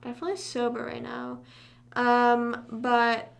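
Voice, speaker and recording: A woman's voice: on the high side, monotone, unhurried, creaky. A young woman hosting a casual livestream, chatting loosely, rambling and humming to herself between thoughts. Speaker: livestream host. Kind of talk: casual live chat.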